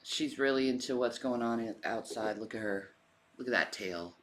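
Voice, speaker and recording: A woman's voice: very deep voice, normal speed. A woman in her forties chatting casually on a livestream, out of breath, cooing at her cat and sighing often. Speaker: streamer.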